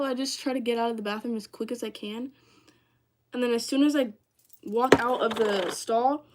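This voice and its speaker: Chatty young woman streamer, higher voice. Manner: chatty, heavy use of "like", addresses viewers as "y'all". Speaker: livestreamer. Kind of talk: casual storytelling on a livestream.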